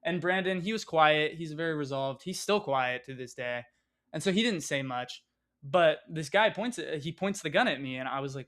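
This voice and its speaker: A man's voice: fairly high pitch, moderate pace, a bit bright. A young man telling a personal story in a casual, rambling way, full of fillers and swearing. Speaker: vlogger.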